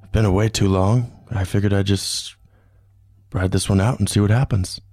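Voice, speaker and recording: A man voicing a quiet, polite male assassin who talks in a hesitant, modest way. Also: fairly low pitch, steady tone, normal speed, no room sound, soft background music, lightly acted.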